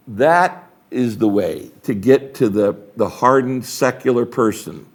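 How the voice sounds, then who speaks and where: An older man talks with a pastor's conviction, pressing his points hard and slipping into acted-out exchanges with imagined neighbors. His voice sits at an ordinary middle pitch, and he speaks conversationally but with a preacher's rhythm and emphasis. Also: measured pace. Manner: emphatic, animated storytelling with acted dialogue. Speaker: retiring megachurch pastor, interview guest.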